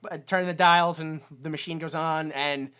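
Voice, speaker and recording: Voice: mid-range voice, normal speed, a little hiss or hum. A podcast co-host recapping a movie in casual chat, acting out the characters' lines in put-on voices. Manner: animated retelling, acts out quotes in put-on voices.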